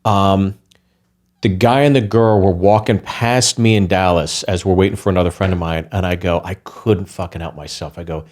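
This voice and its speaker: A man's voice: low-pitched, moderate pace, darkish tone. A man who is a comedian, telling a heated, profane anecdote in a casual podcast chat.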